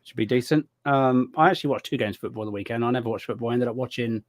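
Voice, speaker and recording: Relaxed middle-aged co-host, dry sound. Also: male voice, mid-range voice, rapid-fire, dry recording. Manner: relaxed, friendly questioning with many ums. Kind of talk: casual chat.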